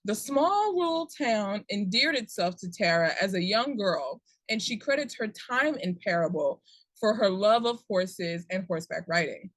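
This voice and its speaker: A woman's voice: mid-range voice, expressive, normal speed, no room sound. A woman hosting a casual podcast chat about upcoming movies, reading summaries aloud with laughing asides. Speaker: podcast host.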